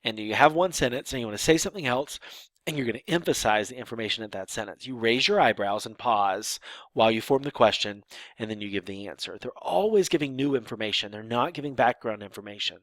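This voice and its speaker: A man's voice: mid-range voice, expressive, quick pace, a bit bright, no room sound. A man teaching sign language grammar in a lecture, explaining step by step with fillers and restarts and acting out example sentences.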